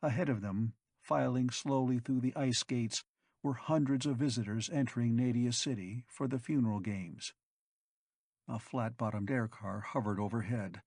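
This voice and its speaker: Male audiobook narrator, husky, measured delivery, dry booth sound. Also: mid-range voice, darkish tone, no echo. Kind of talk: scripted narration.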